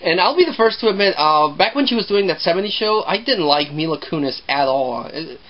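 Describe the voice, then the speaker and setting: Guy rambling thru a movie review, kinda high voice, dull lo-fi sound. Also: lively intonation, a little fast. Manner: rambling, conversational, repeats himself. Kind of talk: casual video review.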